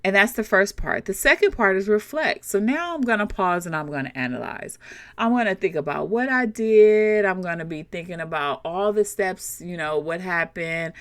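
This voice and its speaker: A woman hosting a leadership coaching podcast, talking to her listeners directly in an animated, conversational way. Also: on the low side, no echo, studio quality.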